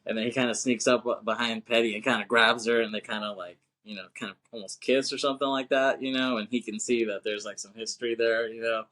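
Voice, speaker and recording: A man in mid-pitch chats loosely through a movie recap on a podcast, stacking fillers as he goes. He laughs often and jumps into louder, higher voices to act out what the characters say. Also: fairly even intonation, fast, few pauses. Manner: rambling, laughs a lot, acts out quotes in raised voices. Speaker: podcast co-host. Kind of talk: casual movie recap chat.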